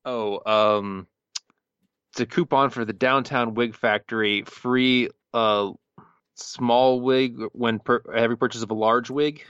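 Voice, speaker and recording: A man's voice: mid-range voice, fairly even intonation, measured pace, fairly bright tone, clear, resonant tone, no room sound, highs cut off. A man co-hosting a podcast in casual chat, easygoing and a bit hesitant when he recalls answers. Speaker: podcast co-host.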